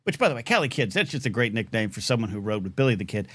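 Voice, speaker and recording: A man hosting a live call-in talk show in a casual chat, animated, often jumping up into playful high tones with many restarts. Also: racing, husky, dry recording.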